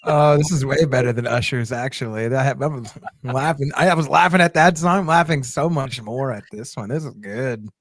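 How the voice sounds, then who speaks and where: A man's voice: medium pitch, normal speed, hardly any pauses, dry recording. A man co-hosting a sports podcast in casual chat, easygoing and joking. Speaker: podcast co-host.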